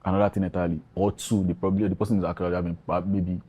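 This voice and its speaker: Brief: Nigerian man, panel guest, low mellow husky voice, very lively pitch. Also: racing. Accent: Nigerian English. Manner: lively storyteller, frequent agreement sounds. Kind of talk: casual panel chat.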